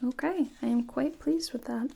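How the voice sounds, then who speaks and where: A woman in a whispered role-play as a clinician, giving gentle, patient step-by-step instructions in a soft, breathy whisper. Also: high voice, moderate pace, slight background noise. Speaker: ASMR artist playing a clinician giving cognitive tests.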